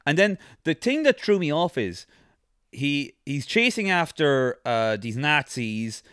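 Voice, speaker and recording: A man's voice: on the high side, sing-song, a little slow, fairly bright tone, clear, resonant tone, dry recording, studio quality. A man co-hosting a podcast, reviewing a film in a casual chat with a rambling, jokey delivery full of fillers. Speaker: podcast co-host.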